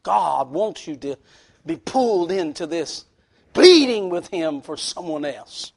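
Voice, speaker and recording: A man preaching a sermon in a folksy, plain-spoken way, swinging from hushed, intimate lows to loud shouted peaks. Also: sing-song, takes it slowly, gravelly.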